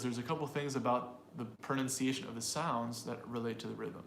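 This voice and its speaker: A man's voice: mid-range voice, little pitch movement, fairly quick, vocal fry, fairly bright tone, echoey room, a little hiss or hum. A man teaching an English pronunciation lesson to a live audience, explaining and drilling sentences aloud in an upbeat way.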